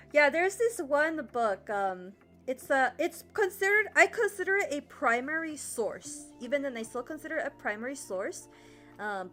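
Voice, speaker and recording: A woman's voice: sits high, fairly bright tone. A woman giving a casual history lesson on a livestream, chatty and rambling, full of fillers and laughs. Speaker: history streamer teaching a lesson.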